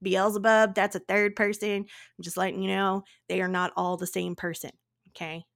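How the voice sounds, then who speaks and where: A woman co-hosting a podcast in casual chat, animated and playful, with dramatic asides. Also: mid-range voice, normal speed, vocal fry. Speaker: podcast co-host.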